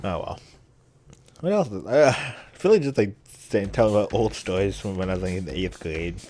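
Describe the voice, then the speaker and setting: This let's play commentator is a young man with a lowish, dark, animated voice, speaking at a normal speed. He laughs frequently while spinning rambling stories full of fillers over his gameplay.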